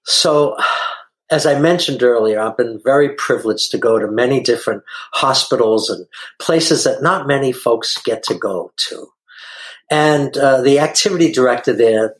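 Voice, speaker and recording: An older man talks as a guest musician, earnest and effusive in his praise. His voice sits at an ordinary middle pitch. When he tells a story, he acts out the other people's lines in a raised voice. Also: measured pace, poor audio. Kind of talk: emotional storytelling in conversation.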